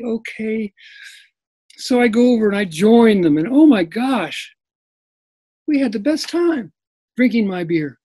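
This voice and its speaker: A man in his sixties from Kentucky, giving an animated storytelling talk over a video call, laughing and acting out his own quotes. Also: extremely high pitch, slightly rough, low-quality recording. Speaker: presenter.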